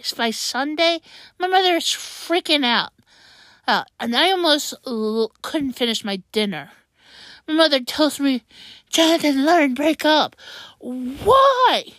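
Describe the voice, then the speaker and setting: A woman's voice: on the high side, a bit bright, no echo. A woman hosting a personal podcast monologue, emotional and rambling, stumbling over her words while upset and close to tears. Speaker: podcast host.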